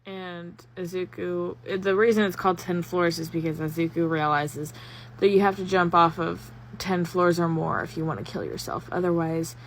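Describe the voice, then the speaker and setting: A woman's voice: on the low side, steady tone, moderate pace, slight background noise. A woman in a casual vlog, chattily recommending fan stories with lots of fillers and rambling asides. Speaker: fanfiction reviewer.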